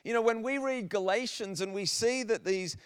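A man preaching a sermon as a minister, earnest and animated, often restarting his phrases. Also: high voice, normal speed, smooth, no echo, clean studio sound.

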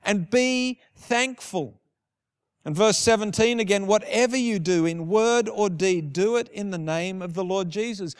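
A man's voice: sits high, measured pace, clear, resonant tone. A man preaching a sermon, telling stories and repeating phrases for emphasis. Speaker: pastor.

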